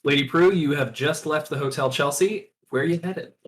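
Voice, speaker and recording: A man running a tabletop horror game as game master, quick, loose and joking. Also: on the high side.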